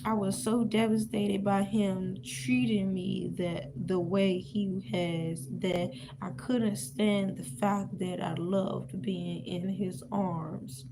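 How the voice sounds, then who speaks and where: A woman reading a novel aloud in an unhurried, halting way and stopping now and then to restart a line. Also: mid-range voice, flat delivery, noisy background. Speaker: audiobook reader.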